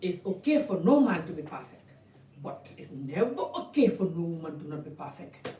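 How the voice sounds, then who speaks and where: A woman's voice: on the low side, sing-song, moderate pace, warm tone. Woman vlogger, blunt and impassioned, rambling talk to camera, set back from the mic. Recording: echoey room, mic at a distance.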